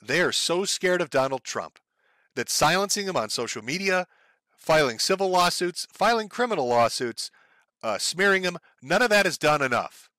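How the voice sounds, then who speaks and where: A fired-up man rants about current events in a bright, forceful voice. His delivery is profane and sarcastic, with mocking impressions dropped in. The sound is close and dry, with no room behind him. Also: fairly high pitch, sing-song, normal speed, no room sound. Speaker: commentary streamer. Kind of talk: ranting political commentary.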